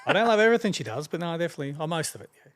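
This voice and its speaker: Fast-talking Australian man in his fifties. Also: a little high, expressive, fairly bright tone. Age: 50s. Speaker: rapper guest. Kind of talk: casual chat.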